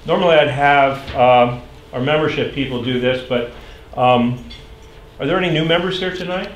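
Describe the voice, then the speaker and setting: A man making chapter announcements at a dinner meeting, relaxed and chuckling now and then. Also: medium pitch, normal speed, slight background noise. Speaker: chapter president hosting a meeting. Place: echoey meeting room with dinner service. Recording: echoey room, clinking dishes behind.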